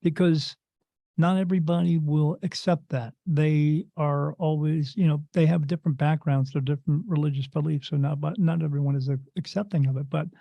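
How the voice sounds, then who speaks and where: A man's voice: a little high, fairly even intonation, normal speed, vocal fry, no echo. A man, a medium and interview guest, telling a story in a casual, rambling way and repeating himself before each quote. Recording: dull lo-fi dry recording.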